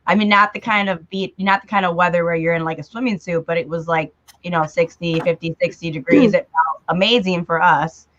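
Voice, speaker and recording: A woman from the United States co-hosting a casual live stream, telling her story in a relaxed way. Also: lowish voice, a little fast, few pauses, no room sound. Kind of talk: casual chat. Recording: dull lo-fi remote audio.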